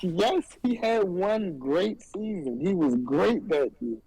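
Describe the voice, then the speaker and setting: Male podcast co-host, soft dark tone, a bit high; defensive, stammering debater. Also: lively intonation, slow pace, poor audio. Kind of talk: casual sports debate.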